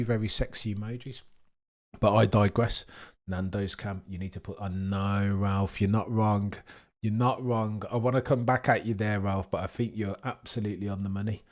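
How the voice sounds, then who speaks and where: A man's voice: low voice, a little mellow. A young British man streaming live, chatting and bantering cheekily with his viewers. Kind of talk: casual live-stream chat.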